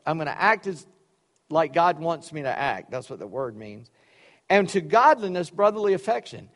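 A man's voice: high-pitched, fairly bright tone. A man preaching a sermon, reading scripture and explaining it with folksy, joking asides. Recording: long reverb of a large hall.

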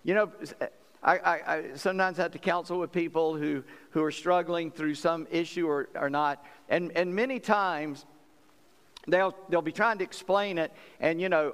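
A man's voice: a little high, normal speed, a bit bright, clear, resonant tone. A man from South Carolina, preaching a sermon in a folksy, conversational way as pastor. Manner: folksy, conversational preaching with laughs and acted quotes. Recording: long hall reverb.

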